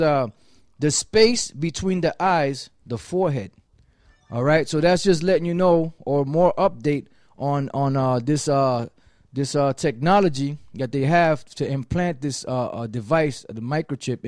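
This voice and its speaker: A man's voice: fairly high pitch, a little mellow, no room sound, clean studio sound. A man preaching and teaching emphatically, reading scripture aloud as he explains it. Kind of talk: sermon-style teaching.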